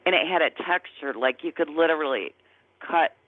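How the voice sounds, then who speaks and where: A woman's voice: sits low, lively intonation, normal speed, no room sound. A woman in her fifties tells a personal testimony in conversation, earnest and emotional, often searching for words. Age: 50s. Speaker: guest sharing a testimony. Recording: tinny phone-like line, dry.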